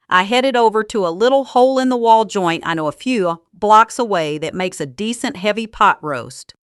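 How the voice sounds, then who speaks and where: Woman narrator, first-person story, calm and deliberate with a cutting edge; medium pitch, dry sound. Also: clean tone, dry recording.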